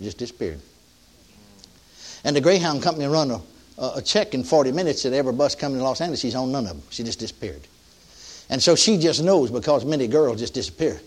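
An older man preaching a sermon, telling a story in a folksy way, with many restarts and emphatic peaks. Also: mid-range voice.

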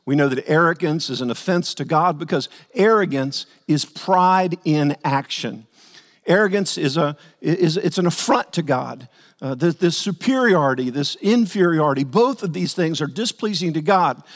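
A male pastor preaching a sermon earnestly, repeating words as he builds his points and acting out the quotes. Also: a little high. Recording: long hall reverb.

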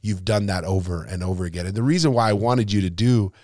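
A man's voice: low voice, fast, a little mellow, no room sound, studio quality. A man, a pastor hosting a church podcast, talking earnestly with thanks and closing in prayer. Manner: earnest and thankful, with many restarts.

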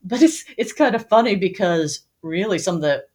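A woman's voice: mid-range voice, animated, normal speed, darkish tone, breathy edge. A woman romance author, a podcast guest, talking casually and laughing often as she tells stories. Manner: chatty, laughs often while telling stories.

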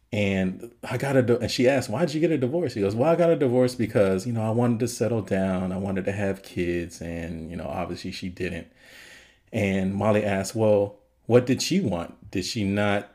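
Male podcast co-host, lower register, easygoing scene-by-scene recap. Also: darkish tone. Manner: retells scenes with frequent laughter. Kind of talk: casual film review chat.

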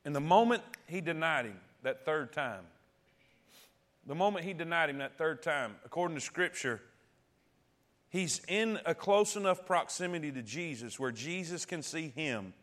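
Bright-voiced preacher man, call-and-response. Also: fairly high pitch, animated, normal speed. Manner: call-and-response preaching, repeats key phrases. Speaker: pastor. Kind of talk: sermon.

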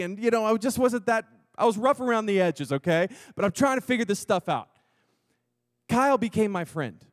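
A man preaching a testimony sermon, moving from hushed, slow moments to loud, excited storytelling. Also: high-pitched, no echo, clean studio sound. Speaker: pastor.

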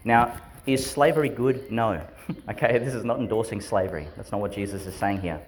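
Priest with a lowish voice, chatting through a school homily and quizzing the kids. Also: male voice, a little fast, slight background noise. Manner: chatty, asks questions, laughs often. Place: school church service.

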